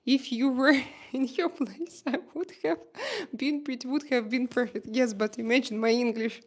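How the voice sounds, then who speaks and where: A woman's voice: high-pitched, fairly even intonation, moderate pace. A woman with a Russian accent hosting a casual live stream, chatting and reading viewer comments aloud with many fillers.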